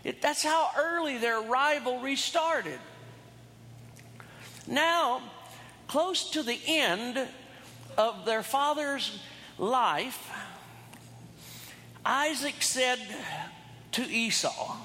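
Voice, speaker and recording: Lively high-voiced preacher man. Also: slow pace, long pauses, big-room sound, a little hiss or hum. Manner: folksy humorous storytelling with asides to the congregation. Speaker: pastor. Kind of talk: sermon.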